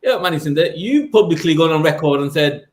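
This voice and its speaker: This is a high-pitched, mocking heckler with a Yorkshire accent, put on by a man. The voice jumps well above his usual register and stays needling. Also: expressive, a little fast, roomy sound, lightly acted.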